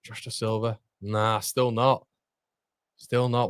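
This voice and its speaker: Man, livestream host, excitable chatty football reactions, dry close mic. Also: fairly low pitch, slow pace, clear, resonant tone, dry recording. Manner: excitable, chatty, reacting to chat and match action. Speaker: watchalong streamer. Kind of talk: live football watchalong chat.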